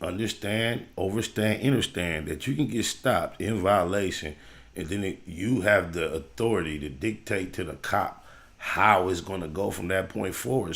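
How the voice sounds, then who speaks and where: A man hosting a livestream, reacting to a video in casual commentary, animated and preachy, going from loud hype to low lecturing.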